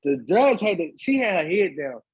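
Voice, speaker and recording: A man with a husky, slightly raised voice tells a long story as a podcast guest, slangy and animated, jumping into other people's voices. The sound is dry and close on the mic. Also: high voice, normal speed, dry recording, narrow, tinny audio. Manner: slangy, repeats "so I'm like", acts out voices. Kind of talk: animated storytelling in casual conversation. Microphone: studio podcast mic.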